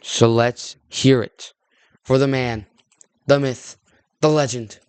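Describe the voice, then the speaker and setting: A man's voice: mid-range voice, slow pace, a little mellow, smooth, no room sound. A young man from Texas, giving rambling, jokey commentary in a casual video and often breaking off mid-sentence. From Texas, USA. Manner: rambling, jokey, self-interrupting. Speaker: video creator.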